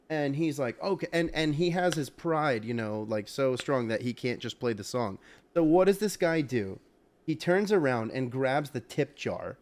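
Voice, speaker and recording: A man's voice: medium pitch, normal speed. Young man telling a rowdy story. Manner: animated storytelling, loud bursts. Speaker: podcast co-host. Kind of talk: casual podcast chat.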